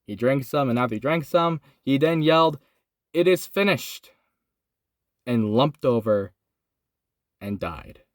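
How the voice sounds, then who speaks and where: Young guy in his van telling a bible story, lively up-and-down voice, dry close sound. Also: mid-range voice, unhurried, no echo. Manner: animated storyteller, moving from excited to hushed and solemn. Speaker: host. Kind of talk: casual retelling of a Bible story. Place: inside a van.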